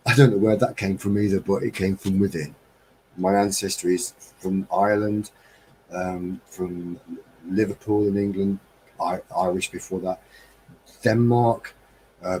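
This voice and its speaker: A man with a lowish, soft and mellow voice, hosting a casual live-stream chat. He rambles along in a friendly, chatty way and chuckles often. A faint background hiss sits under his voice. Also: low-quality recording. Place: home studio with green screen.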